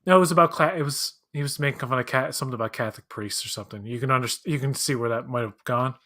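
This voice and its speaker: Casual male co-host, mid-range pitch, rambles and restarts a lot. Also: rapid-fire, sharp tone. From Canada. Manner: rambling, many restarts and fillers, acts out quoted voices. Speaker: watch-along co-host. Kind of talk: casual chat.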